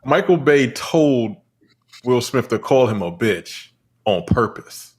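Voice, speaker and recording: Husky man, laughing movie chat. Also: mid-range voice, very animated, slow. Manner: laughs a lot, mimics characters. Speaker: podcast co-host. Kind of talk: casual movie review chat.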